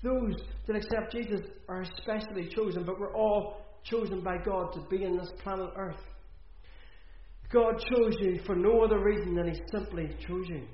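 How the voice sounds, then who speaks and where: A man's voice: high voice, steady tone, normal speed. A man preaching an earnest sermon in a church, repeating phrases for emphasis. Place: church hall. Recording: echoey, dull church recording.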